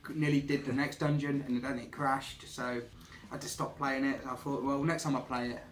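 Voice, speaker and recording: A man's voice: mid-range voice, level tone, a little fast. A man chatting casually about retro games, easygoing and hesitant. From England. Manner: easygoing, hesitant, laughs often. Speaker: co-host. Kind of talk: casual chat. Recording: echoey room, faint music behind.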